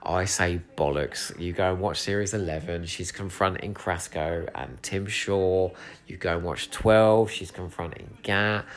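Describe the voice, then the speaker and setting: English male podcast host, low voice, chatty and fired up, swears casually. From England. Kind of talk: solo episode commentary. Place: home room with a cat.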